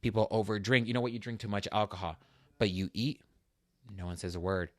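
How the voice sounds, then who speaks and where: Speaking briskly in a lowish voice, a fitness podcast host shares his personal story earnestly, growing heated and emotional as he describes a hard time. The recording is dry and cleanly studio-made.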